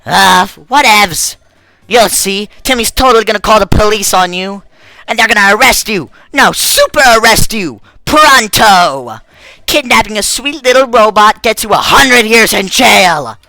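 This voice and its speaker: A man voicing a bratty waitress robot girl in a game, shrieking insults with a high, bright voice that leaps all over the place, dry and close. She's quick to boil over and never backs down. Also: animated, gravelly, no echo, heavily acted. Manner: shrill, shouting insults. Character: bratty hot-tempered female waitress robot. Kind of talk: fan dub of a game's text.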